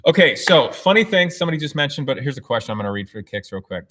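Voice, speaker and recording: An American man hosting a casual livestream Q&A from an indoor race shop, talking in an energetic, excitable way and laughing often. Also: mid-range voice, very fast, a little hiss or hum. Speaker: host.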